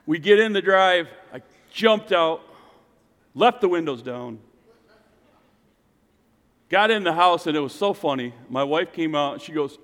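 A middle-aged man preaching a sermon and telling a personal story, swinging from loud, lifted lines to hushed, quiet ones. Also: fairly high pitch, normal speed. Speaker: pastor. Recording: long hall reverb.

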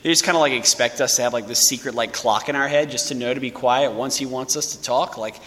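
A man's voice: mid-range voice, fast talker, fairly bright tone. A young man from Louisiana, a parish priest giving a casual, story-driven sermon. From Louisiana, USA. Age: young adult. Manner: casual, storytelling homily with fillers. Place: church. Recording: echoey church hall.

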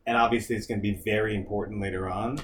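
A man's voice: lowish voice, steady tone, racing. A man co-hosting a casual movie commentary who makes dry, wry remarks. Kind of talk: casual chat over a film.

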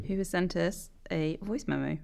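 A woman's voice: on the low side, moderate pace, creaky, a little mellow. A woman co-hosting a podcast in casual, dry, teasing chat. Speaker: podcast co-host.

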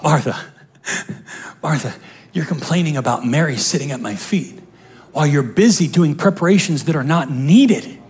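A man putting on a deep, slow voice of the Lord. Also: animated, darkish tone, husky. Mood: gentle rebuke. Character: the Lord, calm deep male divine voice.

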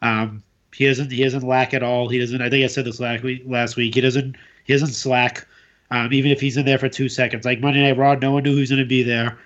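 A man's voice: mid-range voice, little pitch movement, brisk, fairly bright tone. Hesitant male co-host, dull audio. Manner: hesitant, repeats words often. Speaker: podcast co-host. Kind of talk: casual wrestling chat. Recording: slightly dull lo-fi sound.

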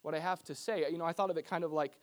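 A man's voice: on the high side, fairly even intonation, racing. A man preaching a sermon to his church as pastor, in a conversational style that mixes personal stories with scripture.

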